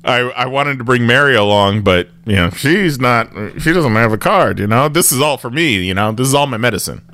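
A man's voice: mid-range voice, expressive, a little fast, a bit bright, no echo, studio quality. A man hosting a podcast in casual chat, rambling with restarts and laughing often. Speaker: podcast host.

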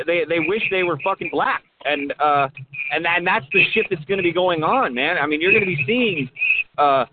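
A young man in casual call-in talk, halting and profane, stumbling over restarts. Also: high-pitched. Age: young adult. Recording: tinny phone-like line with loud hiss.

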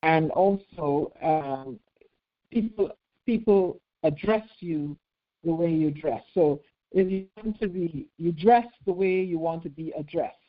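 A woman's voice: sits low, measured pace. A woman guest on a talk radio show, sharing her take in reflective sayings. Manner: reflective, speaks in maxims. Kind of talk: casual chat. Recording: dull lo-fi radio sound.

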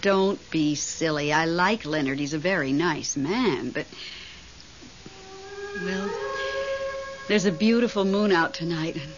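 An actress playing a nervous, devoted middle-aged widow in a 1970s radio drama, fretful and excitable. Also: female voice, low voice, slow, pauses often, heavily acted. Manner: fretful, excitable, talks on the phone. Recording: dull vintage radio broadcast, faint hiss.

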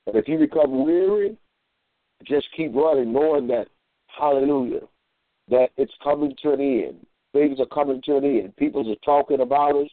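Male minister calling in, mid-pitched, folksy and rambling, over a dry, tinny phone line. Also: normal speed, no room sound. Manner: rambling, repeats himself, acts out voices. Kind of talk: folksy storytelling and preaching.

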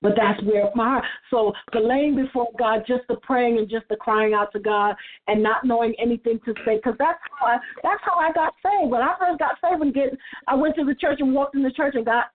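A woman's voice: a little high, brisk, a little hiss or hum. A woman on a church roundtable sharing testimony in an earnest, casual way, often repeating words as she starts a thought. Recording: tinny phone-like line.

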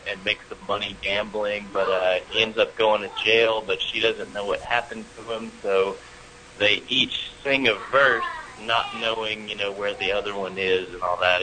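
A man who is a musician guest, talking about his band in a relaxed, rambling way with many fillers. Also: fairly low pitch, low-quality recording. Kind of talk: casual interview chat. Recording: call audio with crowd noise behind.

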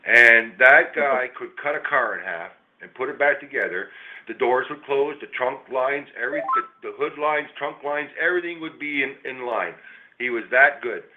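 A middle-aged small business owner tells a long, rambling story in casual chat, swearing freely. His mid-range voice moves at normal speed over a tinny, phone-like line with faint hiss.

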